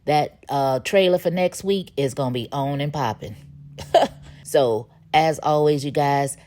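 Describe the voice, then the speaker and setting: A woman's voice: low voice, a little slow, mellow. A woman hosting a casual, opinionated TV episode recap, chatting and laughing as she retells the plot.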